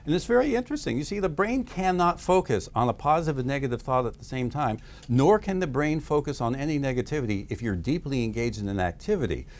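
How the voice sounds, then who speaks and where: A man with an expressive, lively voice that rises and falls a lot as he explains his ideas to an audience. He talks with enthusiasm and an easy, confident flow. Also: medium pitch, fast, few pauses. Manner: enthusiastic, acts out dialogues in different voices. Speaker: guest speaker. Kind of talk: animated explanatory talk.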